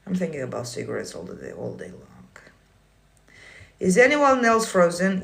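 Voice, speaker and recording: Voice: mid-range voice, wildly swooping pitch, normal speed, gravelly. A manifestation coach on a casual livestream, reading viewer comments aloud and answering them in a blunt, swearing, teasing way.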